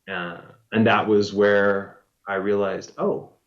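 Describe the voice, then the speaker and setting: A man, a former reality show contestant, casually telling a story in an animated way and acting out what people said. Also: lowish voice, moderate pace. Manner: animated storyteller, acts out quoted lines. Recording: dull lo-fi audio.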